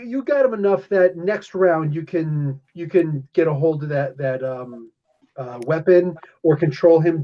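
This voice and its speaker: Guy running the game, bit high voice, dull lo-fi audio, laughs a lot. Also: warm tone. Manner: loose, laughing, rule-explaining. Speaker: game master. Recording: dull lo-fi sound.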